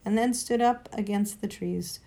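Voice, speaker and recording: A woman reading a children's storybook aloud, with an expressive, lively delivery. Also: mid-range voice, normal speed.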